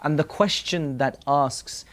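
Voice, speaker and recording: A man's voice: a little high, slow pace, fairly bright tone. A man giving an emotional religious sermon, retelling a mourning story with quoted dialogue and rising into chanted lament. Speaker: religious speaker. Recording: long hall reverb.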